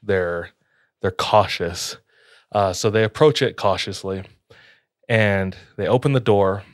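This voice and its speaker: A young man with a fairly low voice narrates a strange encounter in a loose, conversational way, peppering his sentences with fillers. The sound is dry and close, with no room around it. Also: takes it slowly, no room sound. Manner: laid-back, many "like" fillers. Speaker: podcast co-host telling a story. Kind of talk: casual storytelling.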